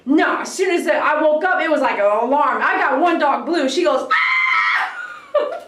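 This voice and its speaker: A high-voiced woman chats on a live stream from her grooming salon, telling animated stories and acting out barking dogs. The room rings with echo, and she sits a little back from the mic. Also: normal speed, shouting, distant mic. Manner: animated storytelling, imitates barking dogs, laughs often. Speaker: dog groomer. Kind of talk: casual livestream chat.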